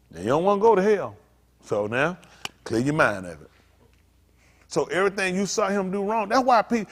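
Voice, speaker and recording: Animated preaching man, high lively voice. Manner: animated, swings from low mutters to loud outbursts; quotes others in acted voices, repeats phrases. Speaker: pastor. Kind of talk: preaching in a storytelling way.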